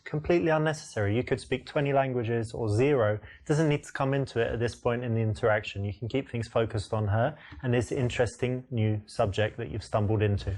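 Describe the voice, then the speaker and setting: A man's voice: medium pitch, brisk, hardly any pauses, a little mellow. Blunt male dating coach. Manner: blunt and corrective. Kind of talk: instructional commentary.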